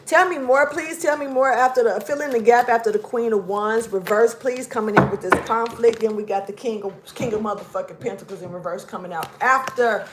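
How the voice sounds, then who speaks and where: Woman tarot reader, blunt, cussing, emphatic, fairly high voice, faint background hiss. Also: brisk, few pauses. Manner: blunt, profane, emphatic, drops to mutters. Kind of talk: casual tarot reading vlog.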